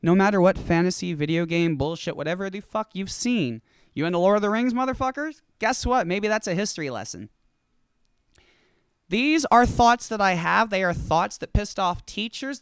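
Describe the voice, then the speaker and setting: A show host delivering a rambling, profane, animated stoned comedy rant. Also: mid-range voice, normal speed, clear, resonant tone, no room sound, studio quality. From California.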